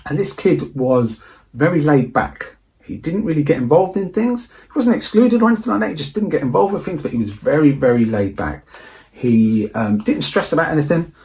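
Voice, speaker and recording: A man's voice: fairly high pitch, lively intonation, moderate pace, darkish tone. A man, telling a rambling school anecdote in a casual, chatty way on his movie vlog. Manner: rambling, repeats himself, chatty retelling. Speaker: movie collector vlogger.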